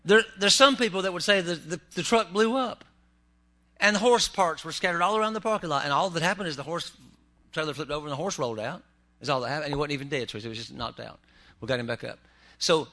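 In a church sanctuary, a man delivers a humorous sermon, tossing joking asides to the congregation. His voice is a little high with a sharp tone.

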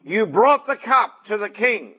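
A man delivering a sermon in a high-pitched voice. He tells the story vividly and acts out the dialogue as he goes. The recording sounds dull and lo-fi. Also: expressive, a little slow, slightly rough. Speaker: preacher.

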